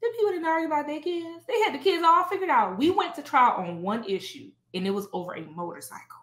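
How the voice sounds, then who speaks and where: Animated woman lawyer in an echoey room. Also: sits high, fast. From Texas. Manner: animated storyteller, laughs often. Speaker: family lawyer. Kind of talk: casual podcast chat, explaining law. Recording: roomy echo.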